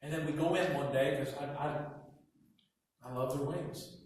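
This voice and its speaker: A man preaching a sermon as pastor, telling stories with quiet asides and loud emphatic bursts. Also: fairly high pitch, steady tone, moderate pace, a little hiss or hum. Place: church hall. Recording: echoey hall from far off.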